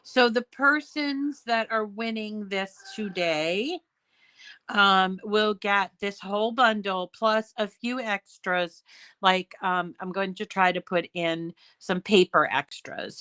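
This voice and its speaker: A woman with a hoarse voice hosting a casual craft tutorial, explaining steps in a chatty way with fillers and throat clearing. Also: mid-range voice, takes it slowly, pushed and bright. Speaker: crafting channel host.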